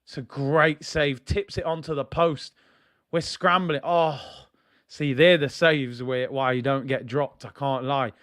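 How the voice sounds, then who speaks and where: A young man giving excitable, slang-heavy live commentary as he watches a football match, now and then bursting into shouts. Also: mid-range voice, unhurried. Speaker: football fan streamer.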